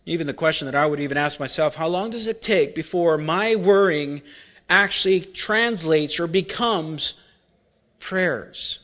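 A male preacher with a fairly high voice delivers a sermon at an unhurried pace. He is deliberate and often repeats key words to drive a point home. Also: a bit bright.

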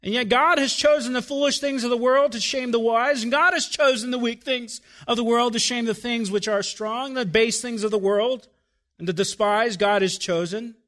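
This sermon comes from a very high-pitched pastor who challenges his congregation with emphatic rhetorical questions. Between those peaks he slows down and quiets his phrasing, then builds again.

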